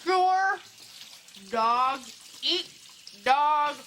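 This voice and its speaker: An actress playing a playful, free-spirited young wife in a sitcom. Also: female voice, high-pitched, expressive, extremely slow, slight background noise, exaggerated voice. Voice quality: playful, bubbly. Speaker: bride. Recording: sitcom with loud audience laughter.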